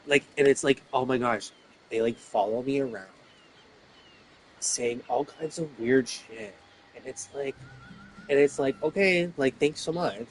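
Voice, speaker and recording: A man's voice: medium pitch, a little slow, slight background noise. A man, rambling about his life with lots of fillers and swearing when worked up. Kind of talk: rambling personal talk.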